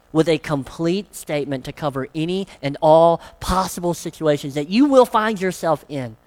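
A pastor preaching a sermon, emphatic and fond of rhetorical questions. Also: mid-range voice.

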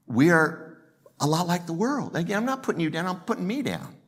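Man, pastor, sermon, casual self-deprecating humor, lively pitch swings. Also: a little fast, husky. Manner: jokey, self-deprecating, conversational.

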